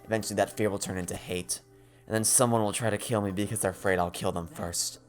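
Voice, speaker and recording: A man voicing a guarded teenage girl assassin, speaking flat, curt and withdrawn. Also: lowish voice, fast talker, soft background music, lightly acted.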